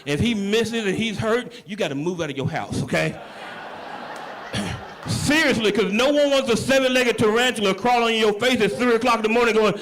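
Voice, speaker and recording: A man doing a stand-up comedy set on stage, brash and animated, punching up his lines. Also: sits high, moderate pace, slight background noise.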